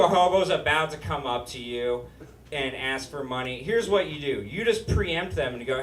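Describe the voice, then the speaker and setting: A young man with a high, whiny, nasal voice performs stand-up comedy on a live stage. The sound is roomy and slightly distant. Audience laughter rolls in behind him. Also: expressive, normal speed, a crowd in the background. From Utah. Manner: whiny, nasal comic delivery, rising to shouts. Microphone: stage microphone.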